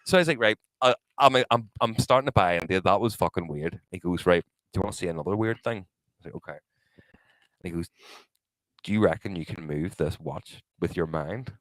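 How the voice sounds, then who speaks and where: A man's voice: deep voice, brisk, fairly bright tone, no room sound, low-quality recording. A man co-hosting a podcast, telling a story with lots of swearing and acted-out quotes. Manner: swears a lot, acts out quotes, laughs often. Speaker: podcast co-host. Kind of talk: casual storytelling chat.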